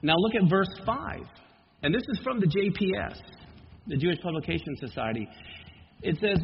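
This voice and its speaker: Gravelly high-voiced man preaching scripture. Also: lively intonation, in a large hall, highs cut off, a little hiss or hum. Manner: reads scripture aloud slowly, rising to emphatic proclamation. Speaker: Messianic Bible teacher. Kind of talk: sermon.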